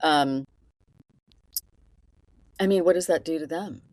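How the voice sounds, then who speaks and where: A woman's voice: low-pitched, takes it slowly, a little mellow, dry recording. A woman co-hosting a podcast, discussing a film earnestly and murmuring agreement while her co-host talks.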